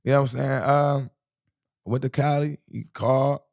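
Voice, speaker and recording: A man's voice: mid-range voice, fairly even intonation, moderate pace, creaky, darkish tone. A young man from the US Midwest, a rapper guest in an interview, telling a rambling, profane street story and often asking "you know what I'm saying".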